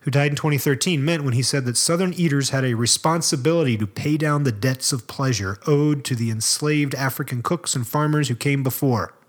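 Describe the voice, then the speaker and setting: A man's voice: medium pitch, fairly quick, hardly any pauses. A man co-hosting a casual podcast, reading a profile aloud and breaking off for joking asides. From American South. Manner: reads aloud with asides and laughs.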